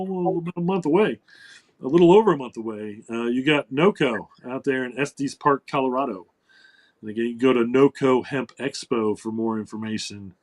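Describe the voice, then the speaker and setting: A man of middle pitch hosts a casual talk show. He rambles, stops and starts, and fills his pauses with ums and uhs. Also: a little mellow. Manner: rambling, many fillers and restarts. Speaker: host.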